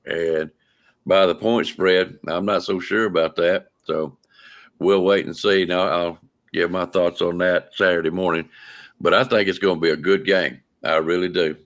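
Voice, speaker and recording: A man's voice: low-pitched, steady tone, normal speed. A man, hosting a casual podcast chat in an easygoing, colloquial way. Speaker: podcast host.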